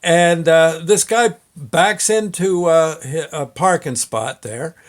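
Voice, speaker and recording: A man tells a story in a loose, meandering way, often stopping to restart a phrase and chuckling to himself. His voice sits a little higher than most men's. He sounds like a show host talking off the cuff. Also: slow. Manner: rambling, with many fillers and restarts, chuckling often. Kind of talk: casual anecdotal storytelling.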